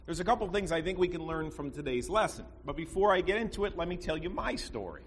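Conversational preacher in a reverberant church. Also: male voice, fairly high pitch, very animated, quick pace. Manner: storytelling, conversational with rhetorical asides. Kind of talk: sermon. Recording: long reverb, faint background noise.

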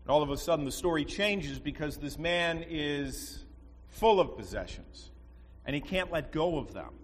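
A man's voice: fairly high pitch, animated, normal speed. A man preaching a sermon, telling stories in a conversational way with asides to his listeners. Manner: storytelling, conversational with rhetorical asides. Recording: long reverb, faint background noise.

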